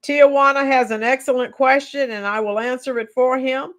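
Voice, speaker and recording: A talkative woman hosting a casual livestream, with a slightly high voice. She reads viewer comments aloud and answers them in a relaxed, chatty way. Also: normal speed. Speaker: livestream host.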